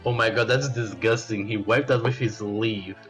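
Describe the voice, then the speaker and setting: A man's voice: fairly low pitch, fairly even intonation, moderate pace, fairly bright tone, faint music behind. A man co-hosting a game playthrough, dropping dry asides and reading a few lines. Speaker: co-host. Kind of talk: casual joking commentary.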